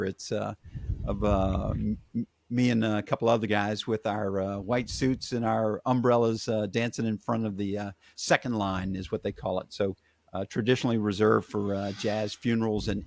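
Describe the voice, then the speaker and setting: Gravelly-voiced man, folksy. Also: on the low side, fairly even intonation, normal speed, no room sound. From Louisiana. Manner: folksy storyteller, many fillers and restarts. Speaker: guest expert. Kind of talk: casual interview chat.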